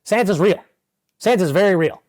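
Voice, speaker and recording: A man's voice: high voice, moderate pace, a little mellow, no room sound, clean studio sound. A young man co-hosting a casual comedy podcast, ranting in mock outrage with exaggerated bluster. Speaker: podcast co-host.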